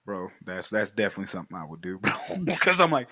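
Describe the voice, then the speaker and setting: A man's voice: sits low, big pitch swings, fast, pushed and bright, no echo. A man co-hosting a podcast, recapping a film in casual, profane chat and acting out the scenes in voices. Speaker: podcast co-host.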